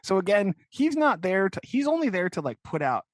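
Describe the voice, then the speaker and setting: Recorded with no echo, this young podcast co-host has a high, very animated voice and talks fairly quickly. He rambles through a book recap in a casual discussion, leaning on "like" and repeatedly tossing in "right?".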